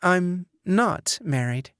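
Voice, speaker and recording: A man voicing a tired, polite, career-driven young woman who grows drowsy, speaking softly and raised well above his own pitch. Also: animated, extremely slow, clean tone, dry recording, clean studio sound. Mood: polite, sleepy. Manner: drowsy, fading, soft replies.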